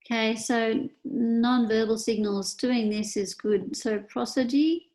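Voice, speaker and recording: A woman's voice: on the high side, steady tone, slow pace, a little mellow. A woman with an Australian accent teaching a class, explaining slides in a casual, unscripted way with fillers and asides. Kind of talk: lecture over slides.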